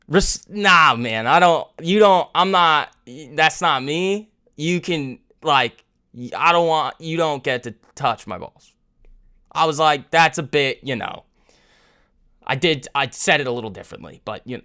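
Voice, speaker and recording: A man's voice: a little high, moderate pace. A young man, casually telling a rambling story on a livestream, often breaking off and laughing. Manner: rambling, animated storytelling with laughs and self-interruptions. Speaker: livestream trading host.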